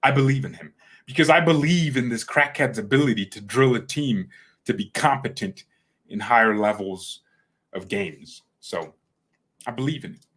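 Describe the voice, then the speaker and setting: A man's voice: medium pitch, normal speed, fairly bright tone, slightly rough. Blunt, trash-talking male football fan. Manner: repeats words when heated. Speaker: football fan channel host. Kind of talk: casual opinion rant to camera.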